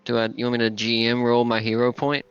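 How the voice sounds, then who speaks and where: A man's voice: medium pitch, little pitch movement, fast, clean tone, dry recording. A man playing a tabletop game, speaking bluntly in and out of character. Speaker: player. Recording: slightly muffled, dry audio.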